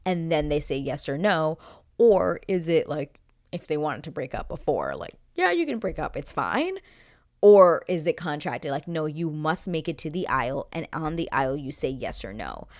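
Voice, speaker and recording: Lively low-voiced woman recapping casually. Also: normal speed. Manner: chatty, animated retelling with quoted voices. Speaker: reaction channel host.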